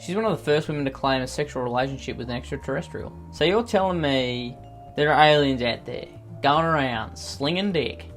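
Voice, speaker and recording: A man riffs through a comedy video in a sarcastic, self-mocking tone. His voice sits at an ordinary middle pitch, and light music plays quietly underneath. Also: fairly quick. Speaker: YouTuber host. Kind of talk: comedic vlog commentary.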